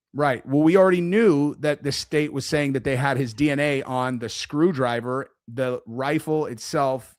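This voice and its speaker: A man live-streaming commentary in a rambling, animated, sarcastic way. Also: a little high, dry recording, studio quality.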